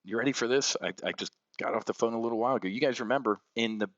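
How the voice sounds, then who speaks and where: Talking very fast in a medium-pitched, fairly bright voice, an options trading show host goes on an unplanned rant about the markets. His blunt, heated take veers between outrage and sober reflection, and the audio is dull with no echo.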